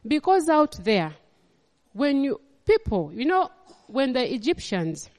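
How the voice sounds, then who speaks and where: A woman's voice: high voice, sing-song, unhurried, darkish tone, long reverb tail. A woman pastor with a Ugandan accent preaching a sermon, emphatic and repeating her phrases.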